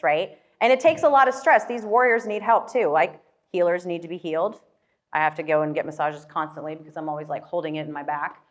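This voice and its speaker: A woman giving a motivational talk, speaking with a slightly low voice. She tells a personal story in a loose, casual way, full of filler words. She keeps turning to the audience with quick questions.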